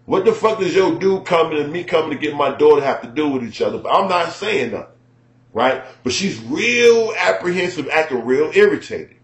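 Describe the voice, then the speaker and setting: A man's voice: on the high side, lively intonation, brisk. A man telling a story in a blunt, profane rant, often stopping to ask "right?". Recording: echoey room.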